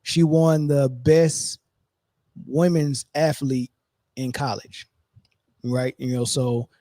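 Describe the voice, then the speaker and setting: Male podcast host, emphatic and repetitive, mellow tone, dry close sound. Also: medium pitch, fairly even intonation, slow pace, dry recording. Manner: emphatic, repeats himself, keeps asking "right?". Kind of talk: casual commentary.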